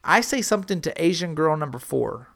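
Animated, profane woman podcast host. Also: sits low, brisk, gravelly. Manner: animated, profane, repeats herself. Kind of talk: casual storytelling chat.

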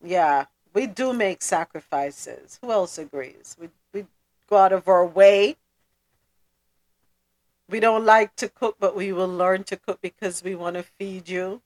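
A woman hosting a casual podcast chat, thoughtful and quick to laugh. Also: medium pitch, a little mellow. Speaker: podcast host.

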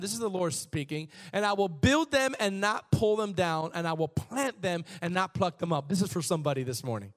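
A man's voice: high voice, animated, fairly quick, hardly any pauses. A man preaching a sermon, reading scripture aloud and calling on the congregation to respond, with bursts of emphasis. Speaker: pastor.

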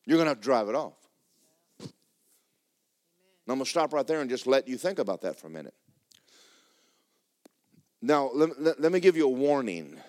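A man preaching a sermon as pastor in a church, emphatic and repetitive, breaking into fervent shouted prayer. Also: mid-range voice, very animated, normal speed, pauses often.

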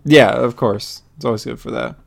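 Guy on a comics podcast, hyped recap, jumps into high voices for the characters. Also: moderate pace, vocal fry. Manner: excited retelling, acts out character lines in a higher voice. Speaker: podcast co-host. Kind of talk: casual comic book chat.

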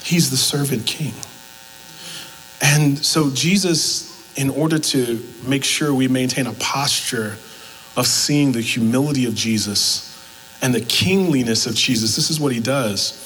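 A male pastor delivering a sermon at a mid-range pitch. He tells stories with energy and plays out both voices of a conversation. A faint electrical hum sits under the recording. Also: unhurried, in a large hall, rough recording. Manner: animated storytelling, acts out both sides of conversations.

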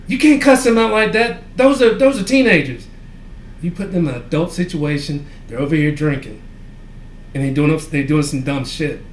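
High-voiced man telling a profane story. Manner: profane, rambling anecdote telling with frequent fillers. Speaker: podcast co-host. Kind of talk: casual storytelling chat. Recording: echoey room with faint ambient noise.

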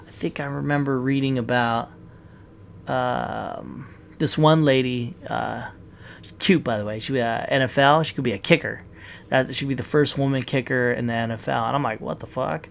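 A man's voice: medium pitch, vocal fry, fairly bright tone. A man ranting casually in a rambling, profane way, often restarting his sentences. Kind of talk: casual opinion rant.

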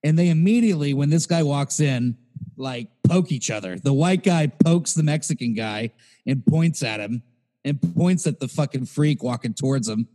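A man's voice: mid-range voice, animated, moderate pace, dark tone, long reverb tail. A man co-hosting a podcast, telling a rambling, profane story in casual chat. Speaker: podcast co-host.

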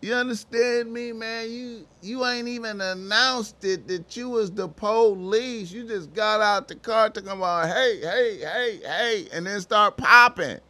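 A man talking on his own in a casual, slangy monologue, swearing, repeating phrases and now and then shouting in voices he mimics. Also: sits high, steady tone, unhurried, hardly any pauses. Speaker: commentator.

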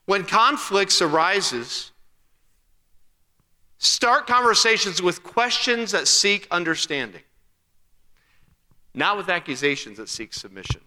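Bright-voiced male pastor preaching in a reverberant hall. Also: sits high, sing-song, slow, long pauses. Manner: conversational preaching with rhetorical questions and acted-out quotes. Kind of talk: sermon.

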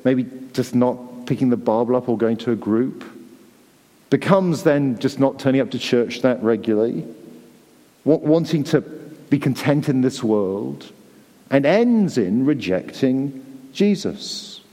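A man's voice: medium pitch, lively intonation, a little slow, mellow, big-room sound. A man preaching a sermon to a church congregation, earnest and pleading, often repeating words as he presses his point. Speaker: pastor.

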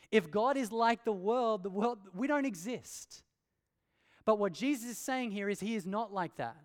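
Preacher man in a reverberant hall. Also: high voice. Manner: earnest, emphatic, rhetorical questions. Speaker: pastor. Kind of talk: sermon.

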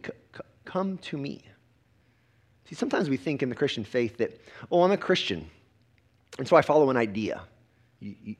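A man, a pastor preaching a sermon with emphatic repetitions and quick restarts. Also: a little high.

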